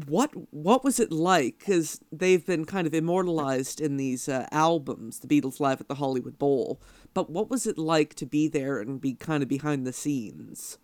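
A man's voice: a little high, moderate pace, no echo. A man hosting an interview, asking casual, hesitant questions.

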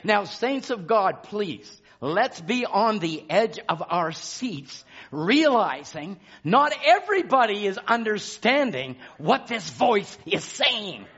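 A man preaches a sermon in a high voice, taking his time with each phrase. His delivery swells with passion and then drops back down. The recording sounds dull and lo-fi. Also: very animated, slow pace, few pauses, fairly bright tone, breathy edge. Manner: impassioned preaching, rising and falling in intensity.

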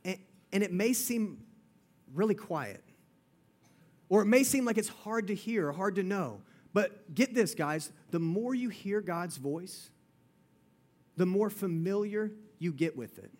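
A man's voice: sits high, animated, a little slow, darkish tone. A young man, a youth pastor, giving a playful, chatty sermon to a live audience, often calling out "guys" and repeating himself.

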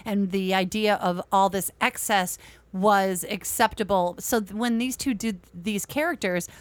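A woman's voice: medium pitch, steady tone, unhurried, no room sound. A woman co-hosting a movie podcast, chatting casually and laughing often. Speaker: podcast co-host.

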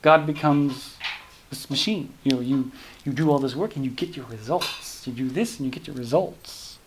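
A man's voice: medium pitch, moderate pace, slight background noise. A man teaching a scripture class in a casual, rambling way, often breaking off and restarting. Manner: rambling, self-interrupting, many fillers.

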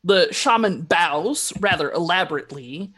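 A woman's voice: fairly low pitch, lively intonation, moderate pace, a bit bright, husky. A woman running a tabletop role-playing game as game master, narrating scenes and voicing characters in a chatty way. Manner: chatty, laughs often, voices characters.

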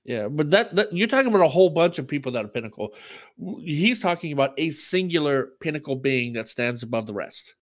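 Lively animated man chatting. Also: a little high, brisk. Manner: animated, jokey storyteller. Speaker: podcast co-host. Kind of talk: casual chat.

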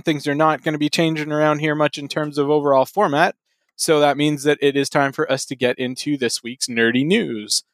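A man co-hosting a casual podcast, relaxed and swearing freely, chuckling often between news items. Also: a little high, dry recording. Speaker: podcast co-host.

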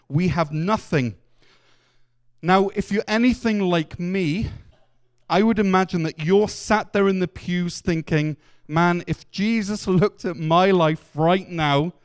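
A man preaching a Sunday sermon in a church, earnest and lively as he acts out the voices in his stories. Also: high-pitched.

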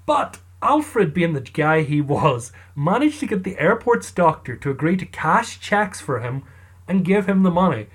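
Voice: mid-range voice, sing-song, measured pace, breathy edge. A casual storyteller with a wry, chatty delivery and an ordinary mid-range voice. The telling is loose and conversational, full of asides to the listener. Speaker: storyteller narrator.

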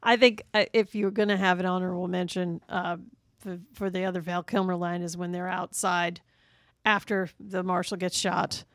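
A woman's voice: on the low side, little pitch movement, normal speed, fairly bright tone, dry recording, clean studio sound. A woman in a casual podcast chat about films, mostly agreeing briefly and adding her own pick now and then. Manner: brief agreeing replies, easygoing. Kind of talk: casual film discussion.

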